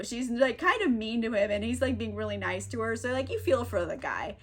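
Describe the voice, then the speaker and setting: A woman with a high, bright voice tells a story in a loose, chatty way. She rambles, sounds exasperated, and keeps breaking into laughter. She talks like someone who is high. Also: animated, a little fast, few pauses. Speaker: book reviewer. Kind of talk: casual comedic recap.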